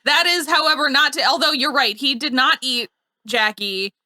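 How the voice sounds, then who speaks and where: Bright high-voiced woman co-hosting. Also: moderate pace, no echo. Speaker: podcast co-host. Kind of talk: casual TV recap chat.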